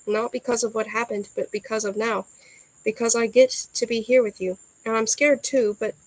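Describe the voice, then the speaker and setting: A woman reading a first-person novel aloud in a soft, earnest storytelling manner. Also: on the high side, no echo, low-quality recording. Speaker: audiobook reader.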